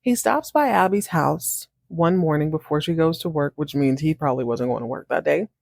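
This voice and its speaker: A woman hosting a podcast, recapping a TV episode in an animated, chatty way, acting out the characters' lines and laughing often. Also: low-pitched, moderate pace, gravelly, no echo, studio quality. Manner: animated, acts out characters' lines in shifting voices. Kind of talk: casual recap monologue.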